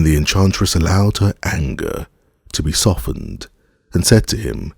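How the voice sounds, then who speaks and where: A man narrating a fairy-tale audiobook in a measured storytelling manner. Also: very deep voice, big pitch swings, creaky, a little mellow, slightly rough, no room sound, clean studio sound.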